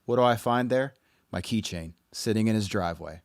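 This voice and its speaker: Laid-back low-voiced man rambling. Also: brisk, no echo, clean studio sound. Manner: rambling storyteller, heavy filler words. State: out of breath. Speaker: podcast co-host. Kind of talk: casual chat. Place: his apartment in Los Angeles.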